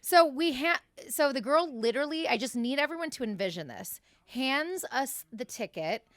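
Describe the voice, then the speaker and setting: A woman's voice: high-pitched, normal speed, no room sound. Woman podcast co-host, casual chat, blunt and profane, dry close sound. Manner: blunt, profane, animated storytelling.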